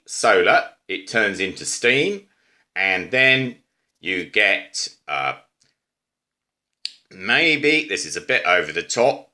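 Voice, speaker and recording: A man's voice: on the low side, pushed and bright. A man with an Australian accent, casually explaining an eco-friendly invention in a rambling, musing way. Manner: unhurried, musing, with fillers and asides. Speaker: amateur presenter explaining an invention.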